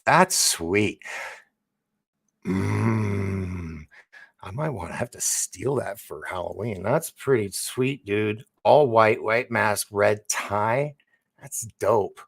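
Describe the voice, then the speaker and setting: The livestream host speaks at medium pitch with a creaky voice. He keeps the stream chatty and rambling, reading the chat and laughing frequently.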